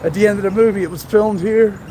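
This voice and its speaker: A man's voice: high voice, fairly even intonation, quick pace, dark tone. Baltimore-accented man, live streamer, chatty and laughing, noisy city street at night. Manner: chatty, laughs often, talks to viewers. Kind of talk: casual live stream chat. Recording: noisy street and traffic sound.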